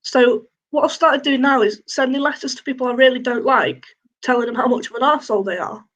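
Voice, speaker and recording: A young woman with a Northern English accent doing a deadpan, self-mocking stand-up routine. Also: high voice, quick pace, lo-fi sound. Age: young adult. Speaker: stand-up comedian. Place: home, online showcase.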